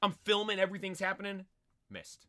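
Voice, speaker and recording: Excitable high-voiced young man rambling. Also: brisk, no room sound. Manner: excitable, rambling, full of "like" and "dude", many restarts. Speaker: streamer. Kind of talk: casual stream chat.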